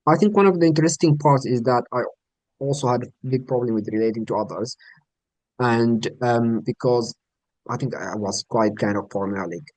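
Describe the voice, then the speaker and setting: A man's voice: mid-range voice, moderate pace, dry recording, rough recording. A man from Sudan who speaks natively, talking earnestly as an interview guest in English with slightly grammar. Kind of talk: casual interview chat.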